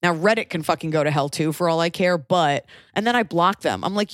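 A woman in her thirties telling a story in casual chat, animated and quick to swear as she acts out what others said. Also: lowish voice, dry recording, studio quality. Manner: animated, acts out quotes, swears when angry.

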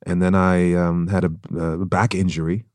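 Deep-voiced man with light German accent. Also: little pitch movement, a little mellow, no room sound, studio quality. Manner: reflective, measured, with frequent fillers. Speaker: guest, actor and former tennis player. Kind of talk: casual interview chat.

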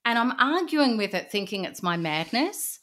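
A middle-aged woman, an interview guest, telling her personal story in an earnest, intense way, often dropping to a hushed voice. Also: on the high side, sing-song, moderate pace.

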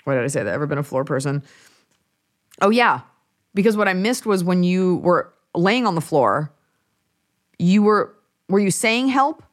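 A comedian in casual chat, quickly and playfully pitching joke ideas and tags to a fellow comic. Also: expressive. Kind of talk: casual chat workshopping jokes.

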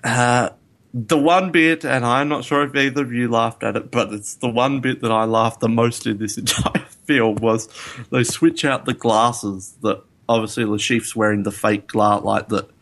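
A man co-hosting a podcast, chatting casually about a film, rambling and laughing, getting animated when amused. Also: medium pitch. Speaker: podcast co-host. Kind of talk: casual film review chat.

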